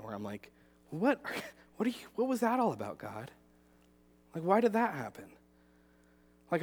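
A male pastor telling a personal story in a sermon, earnest, with frequent restarts and repeated words. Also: medium pitch. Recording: long hall reverb.

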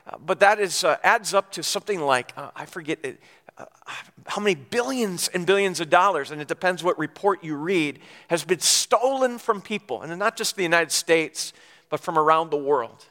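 A man's voice: on the high side, animated, normal speed, fairly bright tone, in a large hall. A man giving a sermon, telling a personal story in a conversational way with many restarts and repeated words.

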